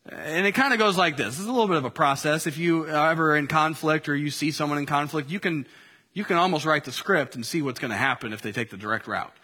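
A man's voice: fairly high pitch, quick pace, bright, forceful tone, big-room sound. A man preaching a sermon in an easy conversational way, full of fillers and restarts. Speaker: pastor.

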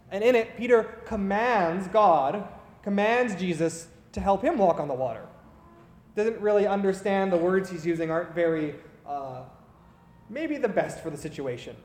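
A man's voice: high voice, a little mellow, reverberant, long reverb tail. A man preaching a sermon, retelling stories in an earnest, conversational way.

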